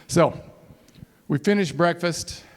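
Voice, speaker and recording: This speaker talks slowly in a slightly high voice. Facing a college audience from the stage, he recounts a personal story at his own expense and performs the dialogue.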